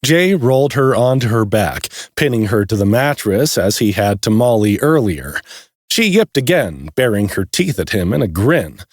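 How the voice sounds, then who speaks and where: Male narrator, husky, lively intonation, dry close recording, scripted audiobook. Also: on the low side, moderate pace, no echo.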